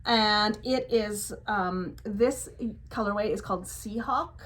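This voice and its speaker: A woman's voice: mid-range voice, takes it slowly, a bit bright, a little hiss or hum, rough recording. A woman co-hosting a knitting podcast, talking in a playful, rambling way. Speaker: podcast co-host. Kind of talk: casual chat.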